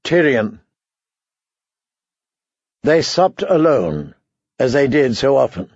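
A man narrating an audiobook in a measured, dramatic way. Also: mid-range voice, sing-song, darkish tone, dry recording, highs cut off. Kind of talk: scripted narration.

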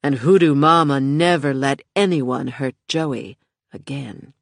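An audiobook narrator giving measured, scripted narration. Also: mid-range voice, vocal fry, no room sound, clean studio sound. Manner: measured, unhurried reading.

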